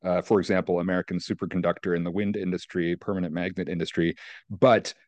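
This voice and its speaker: A man answering as an energy research guest, measured and careful, qualifying his points with frequent hesitations. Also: deep voice, flat delivery, a little mellow, no echo. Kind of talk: expert interview answers.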